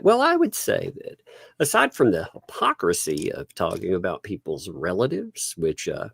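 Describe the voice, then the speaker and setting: Male stream host, low gravelly voice, loose chatty delivery, laughs a lot. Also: wildly swooping pitch, moderate pace, fairly bright tone, no echo, clean studio sound. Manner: chatty, laughs often, trails off and restarts. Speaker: livestream host. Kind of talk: casual livestream commentary.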